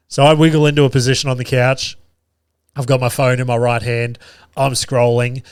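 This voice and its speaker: Thirties male podcast host, mid-pitched, dry close mic, rowdy, laughing storyteller. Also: a little fast, clean tone, no room sound. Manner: animated, profane anecdote-telling with frequent laughter. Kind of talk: casual storytelling.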